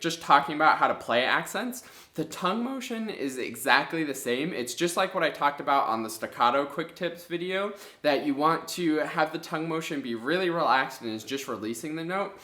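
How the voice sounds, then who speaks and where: A man teaching music in an instructional video, explaining step by step in a clear, methodical way. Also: mid-range voice, a bit bright. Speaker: clarinet teacher. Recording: echoey room.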